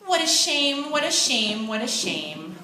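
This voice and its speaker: Woman doing a high, shrill, fussy little bug lady; echoey room, distant mic. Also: wildly swooping pitch, moderate pace, sharp tone, slight background noise, exaggerated voice. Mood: dismayed. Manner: shrill, exclaiming. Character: tidy fussy female caddisfly bug.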